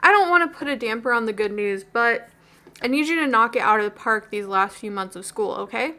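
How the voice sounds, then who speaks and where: A woman's voice: fairly high pitch, animated, brisk, sharp tone. A woman voicing a protective, earnest middle-aged father in a dorky manner.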